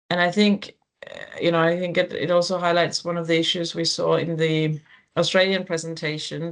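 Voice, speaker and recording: A woman hosts an online panel over a video call, her voice carrying a noticeable gravelly fry. She talks in a loose, conversational way, often pausing on ums and restarting her sentences. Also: fairly low pitch. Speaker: webinar moderator. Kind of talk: hosting an online panel discussion.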